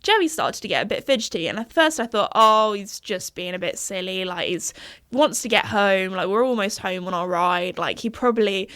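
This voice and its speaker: A woman's voice: medium pitch, lively intonation, normal speed, fairly bright tone. A young woman hosting a podcast, chatting casually in a rambling way and laughing often. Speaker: podcast host. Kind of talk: casual chat.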